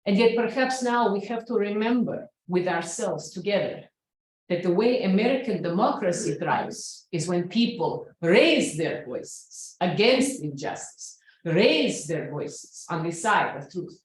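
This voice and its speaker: A woman's voice: mid-range voice, lively intonation, measured pace. A woman from the former Soviet Union with a Russian accent, giving an earnest public talk full of "you know"s. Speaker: speaker at an event. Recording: very echoey room.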